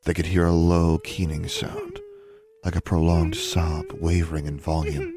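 A man reading a story aloud, expressive and giving each character a voice. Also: low-pitched, a little slow, music in the background. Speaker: audiobook narrator. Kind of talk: storybook narration.

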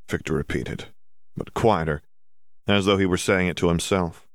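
A man with a very low voice narrates an audiobook slowly and deliberately. The recording is close and dry, with no room sound. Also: dry recording.

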